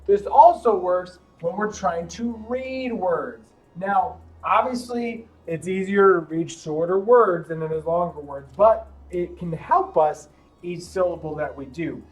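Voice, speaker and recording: A man teaching young children to read, encouraging them as he sounds out letters slowly and deliberately. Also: high voice. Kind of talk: classroom lesson for young children.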